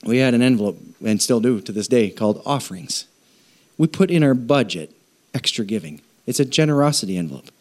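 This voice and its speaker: A middle-aged man preaching a conversational sermon on generosity, with jokes and animated asides. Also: medium pitch, brisk. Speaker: pastor.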